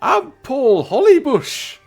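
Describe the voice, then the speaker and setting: A man voicing an indignant hooded figure, loud and outraged, with a failed attempt at a Liverpool accent. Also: very high-pitched, huge pitch swings, takes it slowly, creaky, soft background music, voice pushed up, heavily acted. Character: indignant hooded man caught out over his pie.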